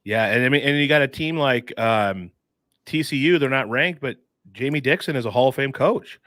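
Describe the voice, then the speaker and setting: A man co-hosting a sports podcast, talking in a lively, upbeat way and often saying dude. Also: medium pitch, normal speed, no echo, studio quality. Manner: enthusiastic, says dude and mm-hmm. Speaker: podcast co-host. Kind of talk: casual sports chat.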